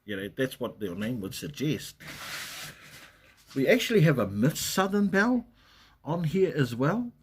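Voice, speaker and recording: A man's voice: mid-range voice, sing-song, measured pace, pauses often, slightly rough. A man hosting a casual livestream, chatting in a rambling way and greeting viewers by name. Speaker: livestream host. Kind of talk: casual live chat. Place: at home in Western Australia.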